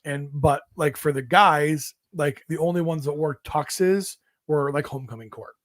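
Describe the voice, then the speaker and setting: A man's voice: fairly high pitch, a little slow, dry recording, studio quality. A man co-hosting a podcast, chatting casually and dropping wry jokes. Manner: joking interjections and wry asides. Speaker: podcast co-host. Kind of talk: casual chat.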